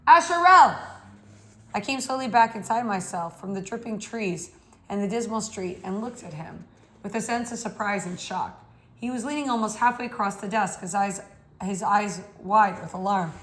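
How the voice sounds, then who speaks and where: A woman's voice: medium pitch, normal speed. Woman reading a novel aloud. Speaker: audiobook reader.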